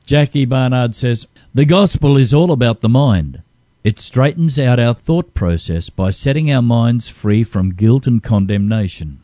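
A man co-hosting a talk show, reading a passage aloud and then interviewing a guest in an earnest, expressive way. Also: medium pitch, unhurried, few pauses, dry recording. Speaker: co-host.

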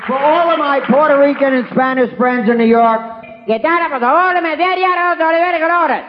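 A man putting on a squeaky, high Spanish-speaking male caricature with a rapid, playful delivery. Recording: dull reverberant audio with faint noise.

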